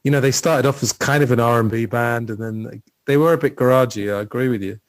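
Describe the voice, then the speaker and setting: A man's voice: medium pitch, quick pace, dry recording. A man hosting a casual film podcast, rambling through trivia and stories in a chatty way. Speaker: podcast host.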